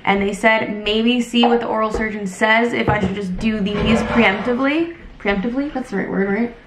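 A woman in her twenties chatting casually on a vlog, telling stories in a lively way and acting out what others said. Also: fairly high pitch, normal speed. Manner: chatty, animated retelling with acted quotes. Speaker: vlogger. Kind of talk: casual storytelling chat. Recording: echoey room, faint noise.

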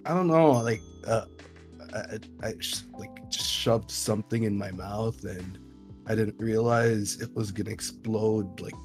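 Male guest, kinda low voice, deadpan dirty jokes, music faint in back. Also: a little slow. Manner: bawdy, with cheeky innuendo and a deadpan delivery. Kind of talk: casual comedic roleplay.

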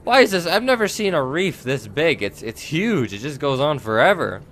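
A man giving let's play commentary, excitable and quick to yelp, talking straight to his viewers. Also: on the high side. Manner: excitable, yelps and jumpy outbursts, addresses viewers. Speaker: gaming video creator.

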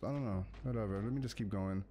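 A man from the United States giving excitable gameplay commentary, talking to the characters on screen and chanting quick urges to keep going. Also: lowish voice, slight background noise. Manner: excitable, talks to the game characters, chants urgent repeats. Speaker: gaming YouTuber.

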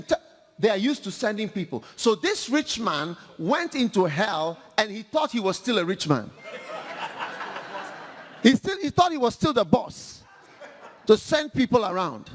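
A male preacher delivers a humorous, animated sermon, acting out the scripture as he goes. His voice is very high and swings widely, with an unhurried delivery. A long reverb from a large hall trails every phrase.

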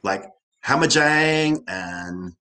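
A man's voice: a little high, animated, very slow, bright, forceful tone. An older man from Hawaii with a Hawaiian Pidgin accent, a guest telling stories in a casual interview, often repeating "right".

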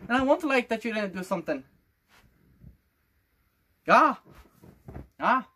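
A man's voice: very high voice, very animated, slow, long pauses, sharp tone. A sixteen-year-old boy vlogging casually to camera, rambling and playful in a loose made-up accent. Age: teens. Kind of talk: casual vlog talk to camera.

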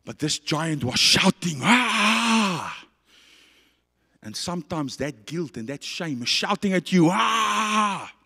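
A man with a South African accent preaching a passionate, dramatic sermon that swings between loud and quiet. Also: a little high, expressive, moderate pace, few pauses, slightly rough, in a large hall.

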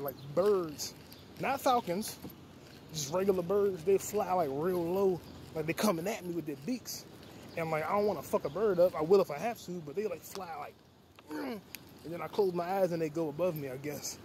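A man with a notably high voice talks in a loose, rambling way, cursing often as he drifts from thought to thought. He records himself outdoors in a city. Street traffic and city noise sit clearly behind him. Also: darkish tone. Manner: loose, profane, rambling storytelling. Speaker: vlogger. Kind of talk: casual rambling monologue. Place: outdoors in a city, walking and sitting on a bench. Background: traffic and city ambience.

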